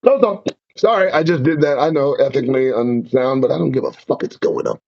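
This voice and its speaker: A man's voice: mid-range voice, fairly quick, gravelly. A man hosting his own show, ranting with profanity and preaching warnings. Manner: profane, preaching, lively ups and downs. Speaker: show host. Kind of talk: impassioned ranting commentary. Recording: dull lo-fi sound.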